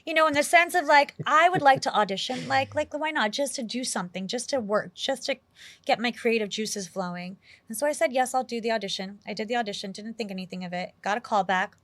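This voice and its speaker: A woman from New York City, an actress being interviewed, telling animated stories in a chatty way with lots of acted-out quotes. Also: on the high side, a little fast, no echo. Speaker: actress guest. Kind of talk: casual interview storytelling.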